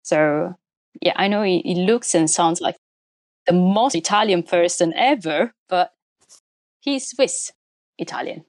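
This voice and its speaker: Woman, lowish voice, dry close sound, casual chatty podcast guest who laughs easily. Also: measured pace, long pauses, no room sound. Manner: chatty, laughs often, many restarts. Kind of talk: casual chat.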